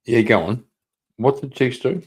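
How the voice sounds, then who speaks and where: A man's voice: medium pitch, normal speed. A man on a live stream trading mocking, teasing banter. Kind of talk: casual chat on a live stream.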